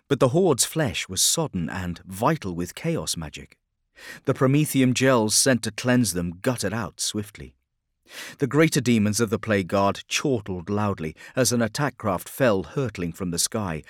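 Low-voiced man narrating an audiobook. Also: dry recording, clean studio sound.

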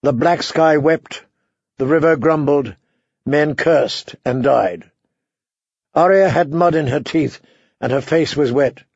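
Gravelly male audiobook narrator. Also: fairly high pitch, slow pace, long pauses, darkish tone, dry recording, lo-fi sound. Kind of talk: scripted narration.

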